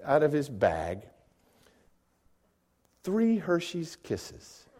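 A middle-aged man preaching a sermon, often repeating words as he starts sentences and moving between soft asides and loud emphatic peaks. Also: on the high side, wildly swooping pitch, extremely slow. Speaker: pastor.

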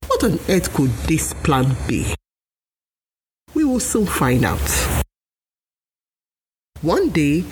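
A woman hosting a storytelling show, narrating a children's tale in a slow, expressive way. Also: low-pitched, a little hiss or hum. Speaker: storytelling host.

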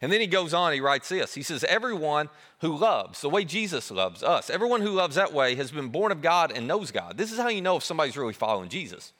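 A man preaching a sermon as pastor, animated and emphatic, dropping to a soft hush on key words. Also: on the high side, fast, hardly any pauses, long reverb tail.

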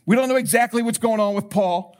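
A man preaching as a pastor, animated and rising to emphatic calls, with quoted prayers acted out. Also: sits high, a little fast, clear, resonant tone. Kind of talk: sermon.

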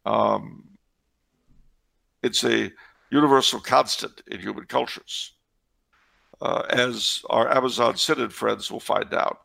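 A man with a deep-set, gravelly voice that is bright and forceful at once. He talks through church history in a casual way, wandering off into sardonic asides. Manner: wry, digressive, sardonic asides. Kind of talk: casual discussion with digressions.

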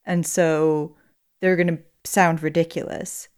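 A woman with a somewhat low voice co-hosts a chatty podcast. She explains her views in a measured way and builds them step by step. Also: little pitch movement, darkish tone. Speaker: podcast co-host. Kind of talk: casual chat.

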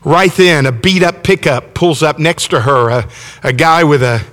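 A middle-aged man from Alabama preaches with a Southern accent, folksy and enthusiastic, often stumbling and starting over. His voice sits high and bright. The sound carries the long reverb of a church sanctuary. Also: normal speed. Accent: Southern American. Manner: folksy, enthusiastic, frequent restarts. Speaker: visiting preacher. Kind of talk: sermon with storytelling.

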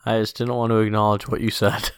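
Dry, teasing man with a low voice. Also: little pitch movement, fast talker, clean tone. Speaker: podcast co-host. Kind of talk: casual chat.

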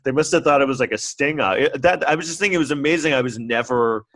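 A man's voice: quick pace, fairly bright tone, no echo. A man from New York City in his forties with a New York accent, rambling through a casual solo podcast monologue with self-deprecating humor. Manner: rambling, self-deprecating, acts out others in mocking high voices. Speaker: podcast host.

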